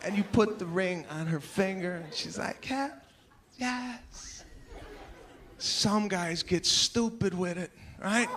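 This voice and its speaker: A man doing stand-up comedy on stage, animated and exasperated, often shouting his punchlines. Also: sits high, a little slow, few pauses, background noise. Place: comedy stage before a live audience.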